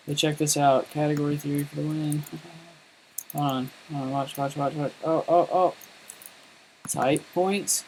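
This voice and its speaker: While coding on a live stream, this man chats in a rambling, self-deprecating way, laughing often and using many fillers. His voice is a little high with a darkish tone. The low-quality audio carries a slight hiss or hum.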